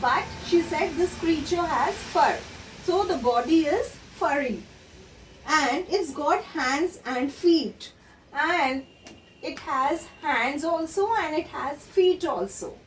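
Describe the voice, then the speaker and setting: A high-pitched woman teaching children, talking slowly and patiently as she explains a story and the meanings of its words. She is heard from some distance in an echoey room with faint noise behind her.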